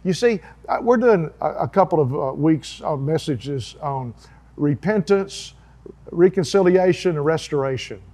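Folksy male pastor, slightly raised pitch, earnest sermon delivery. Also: expressive, a little slow, warm tone. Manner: folksy, earnest, preachy with asides and chuckles. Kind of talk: sermon-style video talk.

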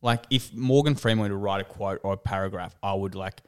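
A man's voice: fairly low pitch, clear, resonant tone. A man with an Australian accent, co-hosting a podcast in casual banter and tossing in jokes. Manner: playful, quick to laugh, tosses in jokes. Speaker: podcast co-host.

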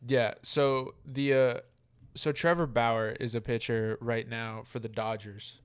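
A man's voice: mid-range voice, fairly even intonation, measured pace, clear, resonant tone. A man co-hosting a casual chat podcast, talking loosely with lots of fillers and the odd swear word. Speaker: podcast co-host.

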